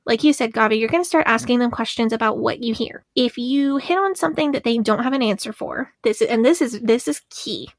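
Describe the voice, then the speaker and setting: Woman podcast co-host, somewhat high voice, earnest and restarting often, dry close-mic sound. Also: fairly quick, few pauses, no echo. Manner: earnest, thinks aloud with restarts. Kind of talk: casual chat.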